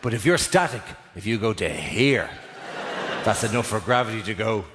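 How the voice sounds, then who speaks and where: A middle-aged man doing stand-up comedy in a big theatre, animated and breaking into sudden shouts. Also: on the low side, moderate pace. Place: large theatre stage. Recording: reverberant theatre, audience noise.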